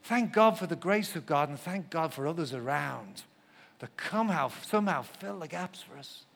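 High-voiced pastor telling a story. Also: male voice, normal speed, gravelly. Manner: animated storyteller, shouts when acting out quotes, drops to soft asides. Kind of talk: sermon with personal story.

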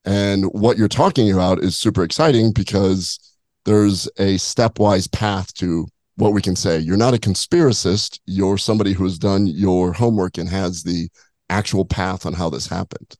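A man co-hosting a podcast, a doctor who tells stories in an animated, enthusiastic way. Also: deep voice, moderate pace, no echo. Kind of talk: casual podcast interview.

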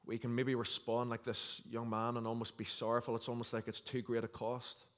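A man's voice: medium pitch, completely flat delivery, brisk. A man preaching a sermon in an earnest, conversational way, reading scripture aloud. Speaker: pastor. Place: church hall. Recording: long hall reverb.

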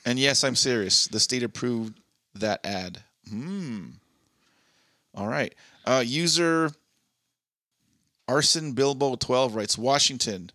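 Bright-voiced man in casual podcast chat. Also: mid-range voice, slow, pauses often, dry recording, studio quality. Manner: reads listener posts aloud, swears freely. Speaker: podcast co-host.

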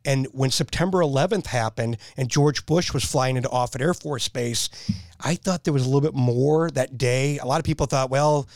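Animated man telling stories, dry mic. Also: medium pitch, moderate pace, no echo. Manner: animated anecdotes, laughs at own jokes. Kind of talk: casual storytelling chat.

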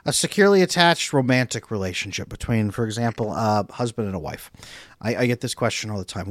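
Brief: male relationship coach, lively delivery, dry close recording. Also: medium pitch, fast talker, no room sound. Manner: animated, acts out example dialogues. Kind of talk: casual interview talk.

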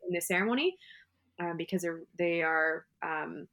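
A woman co-hosting a casual chat about weddings, chatty and animated, telling stories with laughter. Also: on the low side, normal speed. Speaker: wedding podcast co-host.

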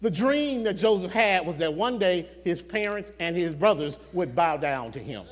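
High-voiced preacher shouting in a reverberant hall. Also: male voice, expressive. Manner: swings from soft, slow murmurs to shouted climaxes; call-and-response preaching, addresses congregation directly. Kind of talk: sermon. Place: church sanctuary.

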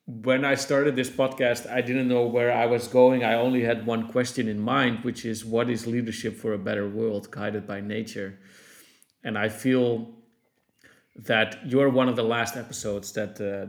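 Reflective male podcast host. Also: mid-range voice. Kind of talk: conversational interview.

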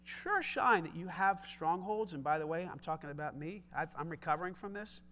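Bright, emphatic middle-aged male pastor. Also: fairly high pitch, expressive, brisk, slight background noise. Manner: emphatic, conversational preaching with rising shouts. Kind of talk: sermon.

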